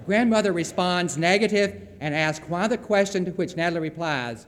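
A man's voice: sits high, lively intonation, normal speed, few pauses, fairly bright tone, long reverb tail, slight background noise. A Southern man giving a folksy, emphatic lecture on Christian leadership, with storytelling asides.

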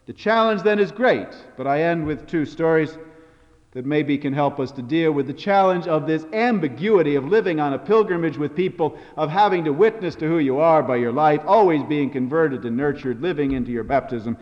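A man with a fairly high voice delivers a sermon, moving into storytelling with a lively, expressive style. His voice rings out in a large hall with a long reverb, and the sound is dull and muffled. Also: moderate pace. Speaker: preacher.

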